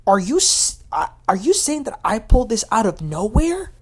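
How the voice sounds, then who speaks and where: A woman's voice: on the high side, big pitch swings, moderate pace, breathy edge, pitched above the performer's own voice. A woman voicing a defensive woman who brushes off accusations and snaps at her friends. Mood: indignant.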